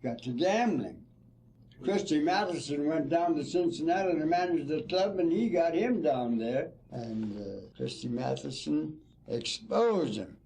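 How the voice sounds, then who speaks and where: A man's voice: fairly high pitch, lively intonation, a little slow, gravelly, warm tone, a little hiss or hum. An older man, a former ball player, telling folksy stories in an interview. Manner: folksy storytelling, "see?" and "you know". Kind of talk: reminiscing interview.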